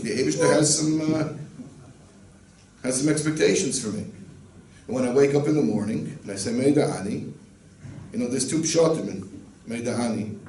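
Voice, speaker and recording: A rabbi gives an earnest Torah lecture, mixing Yiddish and Hebrew terms into his English. His voice sits at an ordinary pitch for a man. He is recorded from a distance in a roomy space with a faint hiss underneath. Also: moderate pace, pauses often, dark tone.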